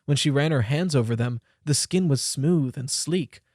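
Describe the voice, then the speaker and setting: A young man reading a story aloud with measured, expressive delivery. His voice sits in the middle range. The recording is dry and close-miked, with no room echo. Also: medium pitch. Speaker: audiobook narrator. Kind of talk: scripted narration.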